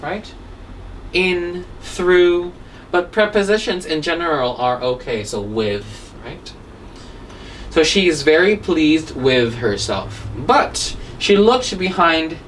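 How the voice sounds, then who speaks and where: A woman teaching an English grammar lesson, explaining each point step by step and checking with "right?" after nearly every sentence. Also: low-pitched. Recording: voice a little distant from the mic, faint room hum.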